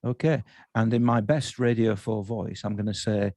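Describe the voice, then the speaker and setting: A man's voice: on the low side, fairly even intonation, normal speed, warm tone, no echo. A man hosting an online festival session, asking rambling questions and correcting himself as he goes.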